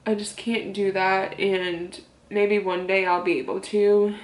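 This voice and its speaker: A young woman from Michigan talking casually to her camera as a vlogger, rambling and heartfelt with lots of fillers. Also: medium pitch. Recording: roomy echo.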